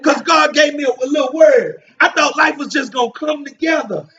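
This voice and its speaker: A male pastor preaching a sermon, shouting emphatic lines and drawing responses from the listeners. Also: very high voice, moderate pace. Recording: distant mic, dull lo-fi sound.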